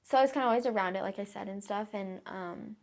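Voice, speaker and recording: Young woman, podcast guest. Chatty and filler-heavy, with a gravelly edge. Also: mid-range voice, quick pace, a little mellow. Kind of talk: casual storytelling interview.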